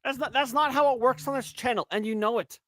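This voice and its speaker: A man's voice: extremely high pitch, quick pace, fairly bright tone, no echo. Crude teasing man on a dry mic. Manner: crude, teasing, swings into mock voices. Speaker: podcast co-host. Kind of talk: casual podcast banter.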